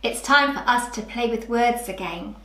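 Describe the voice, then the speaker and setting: A woman teaching young children, speaking slowly and clearly and drawing out rhyming words in a sing-song way. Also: on the high side, pushed and bright, roomy sound. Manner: slow, clear and exaggerated, stretching rhyming words. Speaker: preschool teacher.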